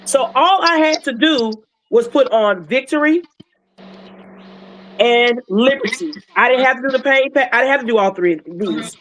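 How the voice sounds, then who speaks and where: Woman, casual livestream storyteller, animated and heartfelt, soft noise floor. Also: on the high side, moderate pace, low-quality recording. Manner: animated, emotional retelling with acted quotes. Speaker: wellness patch seller sharing a client story.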